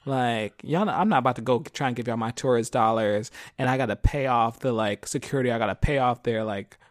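Animated gossipy man, dry close mic. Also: medium pitch, brisk, dry recording. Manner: animated, gossipy, swears freely. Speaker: podcast co-host. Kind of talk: casual chat.

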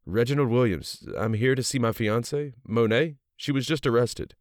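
A man voicing a worried young man, anxious and hurried, in a story reading. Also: mid-range voice, no room sound, studio quality, voice pushed up, natural voice.

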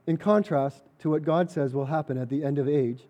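Pastor, male, earnest sermon delivery, mellow tone, emphatic repetition. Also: on the high side, brisk.

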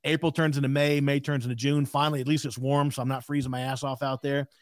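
A man's voice: medium pitch, little pitch movement, quick pace, no echo, clean studio sound. A man in his sixties, a podcast guest telling a candid story in an emphatic way with frequent asides.

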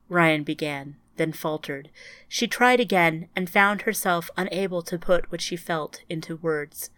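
A woman narrating a scripted audiobook in a quiet, even storytelling manner. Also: on the low side, measured pace, clean tone, no room sound.

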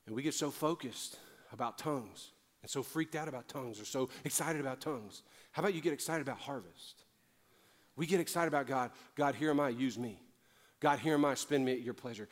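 A man's voice: mid-range voice, brisk. A man preaching a sermon as pastor, building with fervor and emphatic repetition. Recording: long hall reverb with faint music.

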